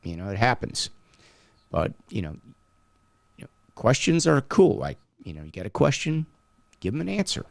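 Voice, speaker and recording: A man with a gravelly, fry-edged voice talks through referee advice in a loose, chatty way. He leans on fillers and gets lively when he mimics coaches and officials. The sound is close and dry, with no room around it. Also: medium pitch, normal speed, pauses often, no echo. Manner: conversational, many fillers, animated when quoting people. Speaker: podcast co-host, hockey referee. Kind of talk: casual advice chat.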